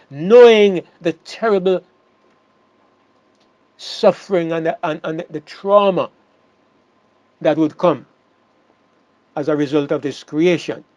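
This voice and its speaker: A man's voice: high-pitched, darkish tone, dry recording. A man preaching a sermon, emphatic, often repeating words and restarting phrases.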